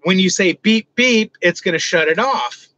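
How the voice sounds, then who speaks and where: A man's voice: high-pitched, expressive, normal speed, pushed and bright, dry recording, lo-fi sound. A man voicing a male doctor in a joke he tells, giving instructions in a matter-of-fact way.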